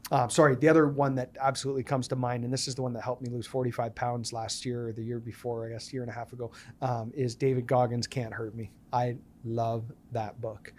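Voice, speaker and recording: Man in his 30s, interview guest, mid-pitched, lively storyteller who plays out dialogue. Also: fairly quick, few pauses. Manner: animated storyteller, acts out quoted dialogue. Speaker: podcast guest, business owner.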